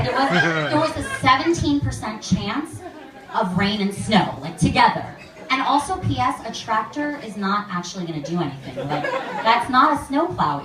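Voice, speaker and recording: A young woman doing a stand-up comedy set on stage, chatty and full of "like", acting out other people's voices as she goes. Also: sits high. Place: comedy club stage with a live audience. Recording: echoey room, mic heard from a distance, crowd laughing.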